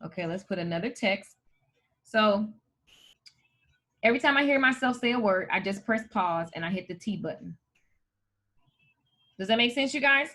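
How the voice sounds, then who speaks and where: A woman host, teaching viewers in an energetic live video tutorial. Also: medium pitch, moderate pace, pauses often. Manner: energetic, hyped, addresses viewers as "you guys". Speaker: host and coach.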